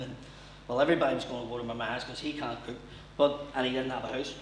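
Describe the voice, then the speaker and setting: A man's voice: mid-range voice, steady tone, fairly quick, slight background noise. A man doing stand-up comedy, telling a story in a swearing, conversational way. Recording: echoey room heard from far off.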